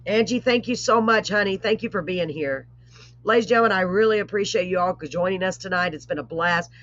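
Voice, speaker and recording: A woman hosting a live online show, chatting casually with rambling asides and warm blessings. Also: mid-range voice, fairly quick. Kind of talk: casual live-stream chat. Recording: dull lo-fi stream audio.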